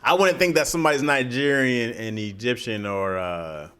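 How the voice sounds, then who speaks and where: A man co-hosting a podcast in casual chat, joking and lively, often putting on silly accents. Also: mid-range voice, normal speed, smooth. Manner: lively, jokey, drops into put-on accents. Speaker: podcast co-host.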